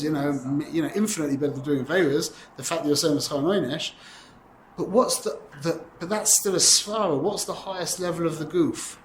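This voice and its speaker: A man teaching a lively Torah class to students, animated and quick to correct himself, using Hebrew and Yiddish terms. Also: fairly high pitch, echoey room, a little hiss or hum, poor audio.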